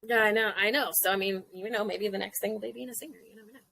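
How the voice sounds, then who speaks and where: A woman's voice: mid-range voice, steady tone, fast talker, vocal fry, bright, forceful tone, no room sound, rough recording. A woman in her thirties hosting a casual podcast chat, bubbly and giggly, swearing playfully. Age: 30s. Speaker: podcast host.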